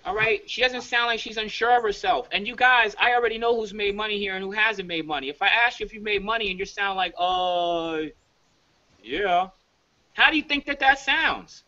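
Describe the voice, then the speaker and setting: A bright, high-voiced man from New York coaches his team over a dull, lo-fi video call. He talks fast and emphatically and keeps checking in with "all right?". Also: steady tone. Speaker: leadership coach.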